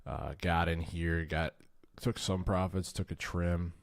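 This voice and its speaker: In a deep, flat voice and at a slightly slow pace, a man hosting a laid-back trading livestream swears and fumbles his words while walking through charts. He seems worn out and under-caffeinated, and the recording is dry.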